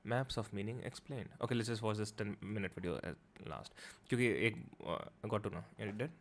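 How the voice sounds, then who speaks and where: A man hosting a livestream, chatting casually and switching between Hindi and in a rapid, offhand way. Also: fairly low pitch. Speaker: livestream host. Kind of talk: casual stream chat, mixing Hindi and English.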